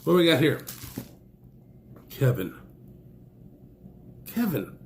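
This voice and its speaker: Casual excitable male gear reviewer, slightly raised pitch, allergy-stuffed, rambling. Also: very slow, slight background noise. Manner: enthusiastic, rambling, exclaims often. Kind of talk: casual unboxing chat.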